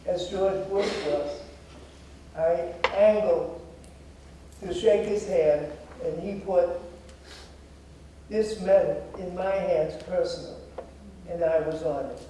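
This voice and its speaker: A man's voice: high voice, fairly even intonation, slow, pauses often, dark tone, a little hiss or hum. A man in his nineties gives an earnest, formal speech to an audience as guest speaker in a theater. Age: 90s. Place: theater auditorium. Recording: very echoey hall, voice heard from a distance.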